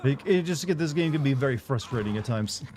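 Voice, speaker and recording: A man's voice: mid-range voice, lively intonation, brisk, a little mellow. A man with a mild Southern US accent doing casual let's-play commentary, chatting with viewers and swearing at the game. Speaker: streamer.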